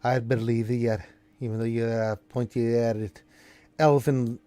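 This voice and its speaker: A man's voice: mid-range voice, flat delivery, a little slow, warm tone, clean tone, dry recording, faint music behind, close to an everyday voice. A man voicing a sickly, foul-mouthed old female dwarf leader in a put-on Scottish accent, brash and coughing. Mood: weary.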